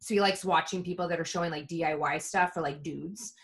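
A woman co-hosting a podcast, telling casual, animated stories with lots of swearing and laughter. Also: on the low side, a little fast, vocal fry. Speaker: podcast co-host. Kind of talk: casual chat.

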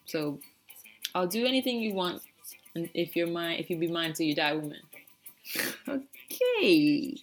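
A woman, a native English speaker, teaching phrases in a casual, playful lesson and repeating words slowly for learners. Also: lowish voice, sing-song, soft background music. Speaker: language teacher.

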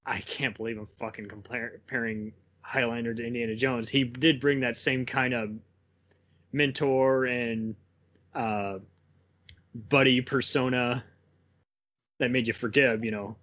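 A young man talks films in a loose, rambling way, breaking into laughter between thoughts. His voice sits at an ordinary middle pitch. It's relaxed podcast chatter among friends. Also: a little slow, long pauses, lo-fi sound. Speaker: podcast co-host. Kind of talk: casual film chat.

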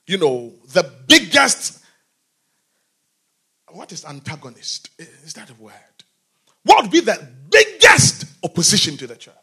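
A man preaching a sermon, often asking the congregation questions and swinging between shouting and quiet talk. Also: high voice, breathy edge.

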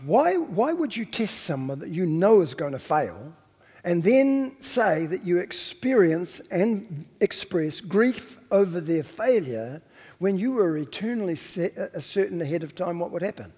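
A man's voice: high voice, mellow, slightly rough. Thoughtful male preacher in a reverberant church. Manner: reflective, questioning, with self-corrections. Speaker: pastor. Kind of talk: sermon.

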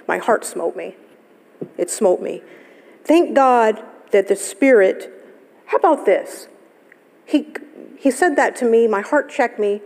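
Gravelly-voiced woman pastor preaching. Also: medium pitch, expressive, measured pace, a little mellow. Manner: storytelling, conversational, laughs often. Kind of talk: sermon. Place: church sanctuary. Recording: live church service, long hall reverb.

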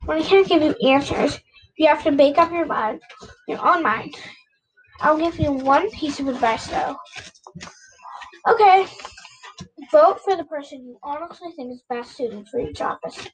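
A calm, kind mother speaks gently and patiently in a fairly high voice. A woman voices her while reading a storybook aloud. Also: measured pace, long pauses, background noise. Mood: advising. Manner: gentle, patient advice-giving.

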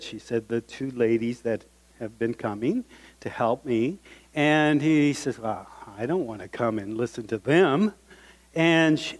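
A man preaching as a guest speaker, telling a story with animated voices for the people in it. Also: mid-range voice. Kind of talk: sermon storytelling. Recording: reverberant hall.

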